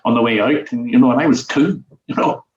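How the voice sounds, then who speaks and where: An older Northern Irish man talks through his memories at an unhurried, meandering pace, full of "you know"s and small chuckles. He sounds far from the mic, in an echoey room, with a muffled, lo-fi quality to the recording. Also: mid-range voice. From Northern Ireland. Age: 70s. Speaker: guest, former teacher and writer. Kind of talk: reflective conversational interview. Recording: distant, roomy, dull lo-fi sound.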